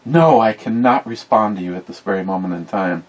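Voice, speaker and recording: A man's voice: lowish voice, a little fast, poor audio. A man, hosting a livestream in casual chat and reading out viewer comments in a rambling, blunt way with free swearing. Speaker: livestream host.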